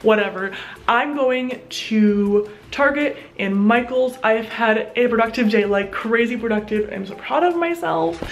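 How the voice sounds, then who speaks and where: A young woman vlogging casually with excitable, bubbly energy, sometimes dropping to a whisper in public, recorded on a handheld camera. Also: fairly high pitch. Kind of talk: casual vlog chat. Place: at home, then a craft store. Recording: pop music clearly audible behind.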